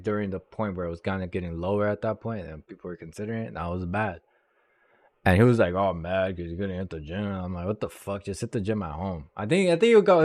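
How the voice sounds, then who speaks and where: A young vlogger from California tells a story in a casual, heated rant, full of swearing and "bro." His voice sits on the low side. The sound is dry, with no room echo. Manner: heated, profane, repeats himself with "bro". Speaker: vlogger telling a personal story.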